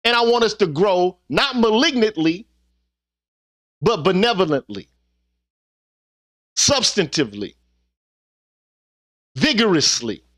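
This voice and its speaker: A middle-aged YouTube vlogger talks slowly and very animatedly to his viewers, leaving long pauses in an earnest, preachy, profane, impassioned monologue that ends sentences with "man." His voice is high and a bit bright, and the recording is dry and studio quality.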